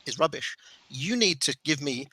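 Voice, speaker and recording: Bright, exasperated man. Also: on the high side, lively intonation, normal speed, husky, no room sound, poor audio. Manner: exasperated, stammering, keeps cutting in by name. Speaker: debater. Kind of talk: heated debate on an online call. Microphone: video call.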